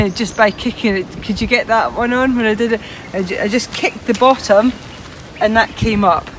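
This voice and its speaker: A woman presenting a hands-on gardening demonstration outdoors, chatty and practical, talking through each step as she cuts. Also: mid-range voice. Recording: outdoor recording with traffic noise. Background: steady outdoor noise with passing traffic.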